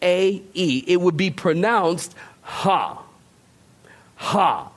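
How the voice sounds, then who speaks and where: A man's voice: high voice, expressive, measured pace. A male pastor preaching a sermon in a loose, conversational way, joking with the congregation.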